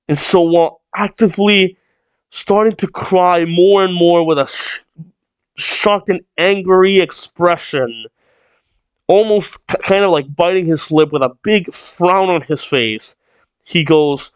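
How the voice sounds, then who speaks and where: A man's voice: high voice, slow pace, smooth, no room sound, lo-fi sound. A man reading a comic aloud and reacting, rambling and thinking aloud as he goes. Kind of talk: casual read-along reaction.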